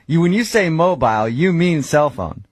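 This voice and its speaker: A man making a prank phone call, posing as customer service and baiting the other caller in a deadpan way. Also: a little high, normal speed, no room sound.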